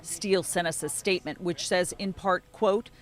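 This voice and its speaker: A woman reporter giving steady, scripted news narration. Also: lowish voice. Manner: steady, measured delivery.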